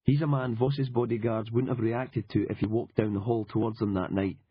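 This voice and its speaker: A man with a husky voice playing a cynical, wry male reporter who swears freely and talks with dry determination. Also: lowish voice, steady tone, moderate pace. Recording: dull lo-fi audiobook recording.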